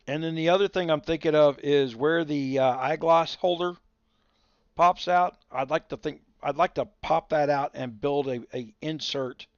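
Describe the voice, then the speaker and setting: A man's voice: medium pitch, gravelly, no room sound. A man hosting a livestream, chatting casually with viewers and ranting bluntly with strong opinions. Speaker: livestream host. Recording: dull lo-fi dry sound.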